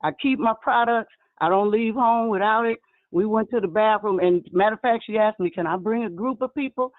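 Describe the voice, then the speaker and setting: A woman excitedly telling stories about her vending, speaking in a casual chat and addressing listeners as y'all. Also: medium pitch, brisk, no room sound. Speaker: guest vendor sharing her experience. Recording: tinny phone line.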